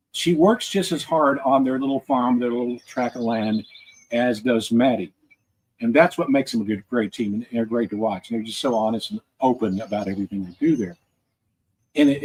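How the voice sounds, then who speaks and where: A man's voice: mid-range voice, darkish tone, breathy edge, rough recording. A man hosting a podcast in a casual, rambling monologue, chatty and often correcting himself. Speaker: podcast host.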